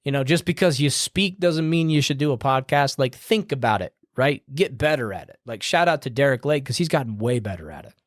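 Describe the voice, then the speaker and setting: A man's voice: mid-range voice, lively intonation, a little fast, few pauses, no room sound, clean studio sound. Blunt, cussing male podcast host. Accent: slight New Jersey edge when heated. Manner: blunt, profane, rambling pep talk. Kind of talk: casual podcast rant.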